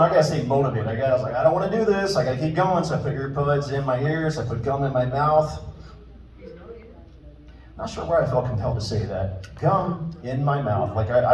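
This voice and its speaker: A man's voice: a little high, noisy background. A man in his fifties doing self-deprecating stand-up storytelling on stage, acting out quoted voices. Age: 50s. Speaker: stand-up comedian opening a show. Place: stage in a hall with a live audience. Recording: echoey hall, mic heard from a distance. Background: audience laughter and room ambience.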